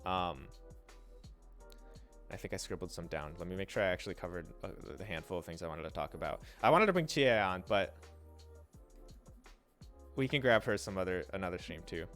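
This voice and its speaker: A young man with a fairly low voice talks casually through a pronunciation lesson on a livestream. He trails off, restarts and slows down to sound out syllables. Faint music plays softly behind him. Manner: loose and chatty, trails off and restarts, demonstrates sounds slowly. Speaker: streamer teaching Japanese.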